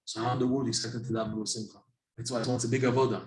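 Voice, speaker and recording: A man teaching a Torah class to a small group, animated and telling stories with acted-out asides. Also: mid-range voice, racing, roomy sound, crowd noise, poor audio. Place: classroom with a few listeners.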